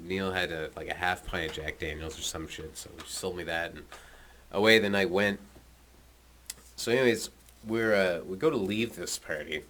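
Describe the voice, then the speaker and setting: A man with a very low voice recounting a teenage party story in loose, profane, conversational talk. His tone is bright and forceful, and he drops swearing and chuckling asides throughout.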